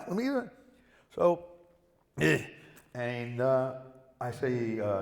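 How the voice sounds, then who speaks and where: A man's voice: mid-range voice, slow, pauses often. A middle-aged man, a guest actor on a convention panel, telling profane anecdotes and acting out the people in them. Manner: animated, profane, acts out quoted voices. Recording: echoey hall with long reverb.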